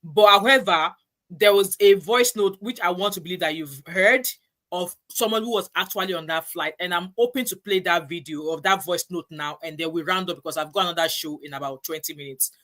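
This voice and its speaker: Lady hosting a chat, bright tense voice, says things twice for emphasis. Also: fairly low pitch, fairly quick. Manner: emphatic, repeats herself, rises when stirred. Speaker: host. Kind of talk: casual panel chat.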